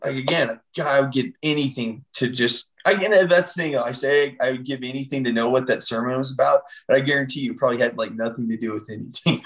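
Speaking quickly in a medium-pitched, fairly bright voice, a guest on a podcast rambles through his own story in casual conversation. He's in his thirties and leans constantly on fillers such as "like" and "you know," and the recording quality is low.

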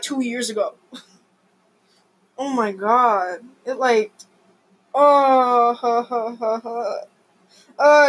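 A young woman vlogging in a rambling, excitable way, full of fillers and exclamations. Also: a little high, poor audio. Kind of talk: rambling casual vlog.

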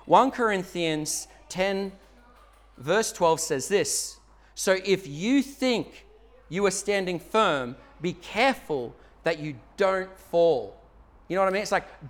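A male pastor from Australia delivers a sermon in a church. His voice sits high for a man, and his preaching is earnest and conversational, pressing hard on key points before easing back. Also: a bit bright.

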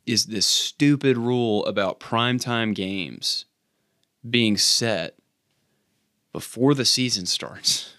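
A man's voice: on the low side, takes it slowly, dry recording. Chatty male sports podcast host. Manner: punny, animated recap, then rambling chat with restarts. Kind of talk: casual sports chat with scripted recap.

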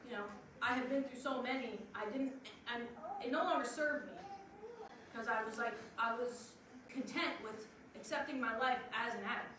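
A woman from Long Island, New York giving an earnest, emphatic spoken testimony to a congregation, with drawn-out pauses. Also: a little high. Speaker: program assistant director giving testimony. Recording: very echoey hall, distant, noisy.

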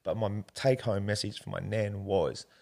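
A man's voice: lowish voice, fairly even intonation, moderate pace, creaky, darkish tone. An Australian man being interviewed, telling a long personal story in a rambling, earnest way and calling the host mate. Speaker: interview guest.

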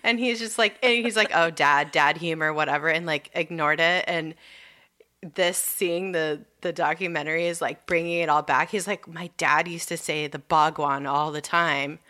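A woman's voice: low voice, fairly even intonation, moderate pace, pushed and bright. A woman in her thirties chatting casually, telling a rambling story full of fillers. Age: 30s. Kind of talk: casual chat.

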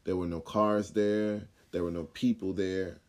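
Low, mellow-voiced man telling a story. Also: measured pace. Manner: animated retelling with acted quotes and filler words. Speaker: podcast host. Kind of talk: casual storytelling monologue.

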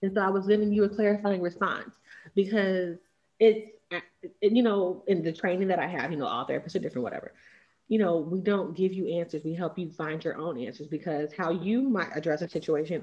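A woman talks in casual chat on a podcast. Her voice sits low and comes through dull and lo-fi. She is blunt and animated and laughs at herself. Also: quick pace. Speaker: podcast co-host.

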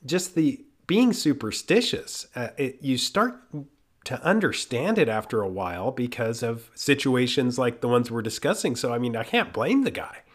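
A male host talks in a relaxed, conversational way. He is thoughtful and stumbles now and then as he picks his words, and his voice sits at an ordinary middle pitch. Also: normal speed. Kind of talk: casual chat.

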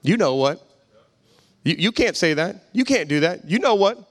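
A preacher voicing a scornful tempter. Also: male voice, sits high, big pitch swings, normal speed. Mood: taunting. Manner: scornful, nagging. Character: taunting voice of the enemy, male. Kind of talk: sermon illustration.

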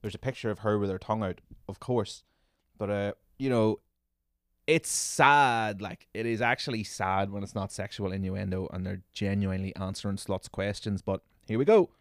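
A man hosting a comedy podcast, ranting sarcastically with lots of swearing and sudden loud mocking bursts. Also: fairly low pitch, moderate pace, dry recording, studio quality.

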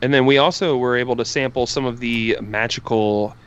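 A man's voice: mid-range voice, fairly even intonation, fairly quick, dull audio, noisy background. Male co-host, laid-back, chatty, laughing easily. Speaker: podcast co-host. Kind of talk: casual podcast chat.

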